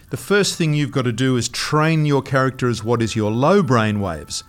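A man's voice: medium pitch, moderate pace, soft background music. A man explaining and coaching someone through a demonstration, patient and encouraging. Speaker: researcher demonstrating a brain-sensor game. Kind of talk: casual explanatory chat.

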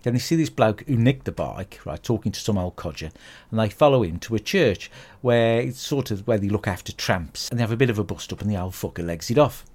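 British bloke swearing his way through a grumpy film review, kinda low voice. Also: lively intonation, a little fast, a little mellow, slightly rough. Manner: crude, sweary, grumbling rant. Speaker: podcast host. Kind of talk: comic film review monologue.

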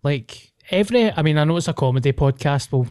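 A man's voice: fairly high pitch, expressive, fast talker, a little mellow, smooth. A man with a Scottish accent, co-hosting a podcast in casual chat, blunt and swearing freely. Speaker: podcast co-host.

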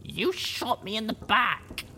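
A man's voice: high-pitched, very animated, takes it slowly, creaky, sharp tone, husky, voice pushed up, full character voice. A man voicing a tough, sarcastic young female unicorn in an audiobook, with a dry, wry way of complaining. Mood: grumbling. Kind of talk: audiobook character voice.

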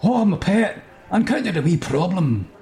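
A man putting on a sheepish hero husband with a gravelly, lively voice, placating and making excuses. He sounds a touch higher than an everyday speaking voice. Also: normal speed.

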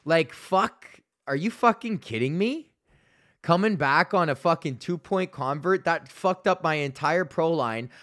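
A man's voice: fairly high pitch, a bit bright. A male comedian hosting a solo podcast, ranting in a loose, rambling, profane way.

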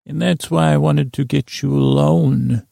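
A man's voice: on the high side, steady tone, unhurried, creaky, warm tone, dry recording, studio quality. A man voicing a manipulative female vine spirit, coaxing in a silky, wheedling way. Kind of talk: improvised comedy voice acting.

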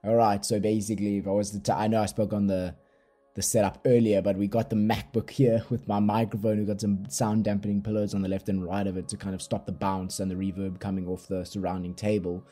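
A young man with a South African accent, hosting a casual solo podcast from his bedroom in a relaxed, rambling, slangy way, recorded on a laptop microphone. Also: on the low side, a little fast, faint music behind. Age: young adult. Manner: laid-back, rambling, slangy. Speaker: podcast host. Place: bedroom at night.

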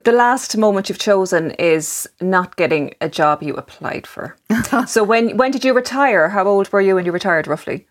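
A woman's voice: mid-range voice, expressive, normal speed. A woman hosting an interview, prompting her guest with short questions. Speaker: interviewer, host. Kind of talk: casual interview.

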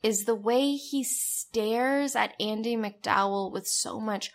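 A woman's voice: a little high, takes it slowly, creaky. A young woman co-hosting a podcast in casual chat, playful and dryly teasing, drawing out words for emphasis. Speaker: podcast co-host.

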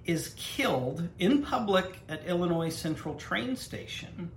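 A man's voice: high-pitched, animated, a little slow. A man co-hosting a podcast, teasing his partner and telling history anecdotes in a wry, casual way. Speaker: podcast co-host. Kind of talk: casual chat. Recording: roomy with faint noise.

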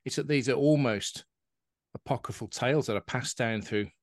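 A man co-hosting a podcast, chatting casually and telling jokes with lively anecdotes. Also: mid-range voice, moderate pace, no room sound, studio quality. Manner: chatty, animated anecdotes with put-on voices. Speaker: podcast co-host. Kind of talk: casual chat and joke telling.

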